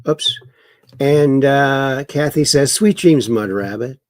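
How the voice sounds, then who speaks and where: A man's voice: mid-range voice, slow pace, a little mellow, no room sound, studio quality. A man hosting a livestream, reading viewer chat aloud and mocking the news with chuckles. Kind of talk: casual political commentary livestream. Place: home in Wisconsin.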